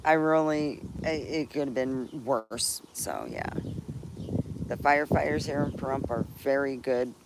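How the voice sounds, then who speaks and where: A woman's voice: a bass voice, very animated, unhurried. A middle-aged woman chatting cheerfully on a live stream, rambling with restarts and frequent laughs. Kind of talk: casual live-stream chat. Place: outdoors in a backyard under a tree. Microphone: phone live stream. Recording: noisy outdoor phone stream. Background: birds and chickens around.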